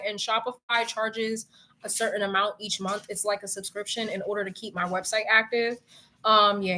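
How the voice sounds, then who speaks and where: A young woman speaks with in a bright, tense voice that sits a bit high. She chats casually to her viewers. She rants in an animated, exasperated way and swears freely. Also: slight background noise. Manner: animated, profane and exasperated ranting. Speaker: vlogger.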